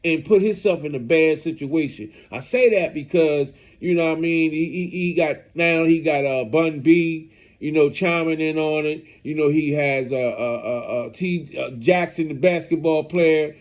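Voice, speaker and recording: A man's voice: a little high, moderate pace. Rambling man in lo-fi street commentary. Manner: rambling, heavy use of "you know what I mean". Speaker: street news channel host. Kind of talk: casual street news commentary.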